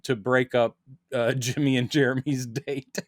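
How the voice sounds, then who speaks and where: A man's voice: mid-range voice, measured pace, a little hiss or hum. A man co-hosting a podcast, talking casually and jokily about a film and acting out characters' lines. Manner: animated, jokey, acts out characters' lines. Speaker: podcast co-host. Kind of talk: casual movie breakdown chat.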